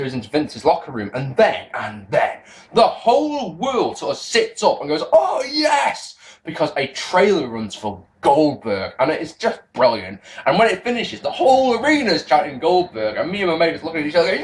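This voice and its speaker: A young man giving a casual spoken review to camera, rambling, excitable and often breaking off mid-sentence. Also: on the high side, a little hiss or hum. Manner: rambling, self-interrupting, excitable. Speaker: wrestling video reviewer.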